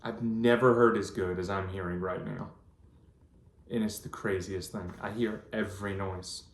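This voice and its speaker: Casting: vlogger in his thirties, lowish voice, earnest and rambling, recorded in a reverberant room. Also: steady tone, moderate pace. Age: 30s. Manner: earnest, rambling storytelling with many ums. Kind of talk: casual personal vlog. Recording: echoey room.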